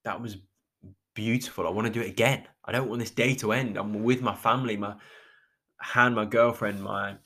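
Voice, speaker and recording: Male podcast host, low voice, halting reflective monologue that keeps breaking off, near tears. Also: steady tone, a bit bright. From England. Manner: halting, with many restarts and trailing pauses. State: emotional, close to tears.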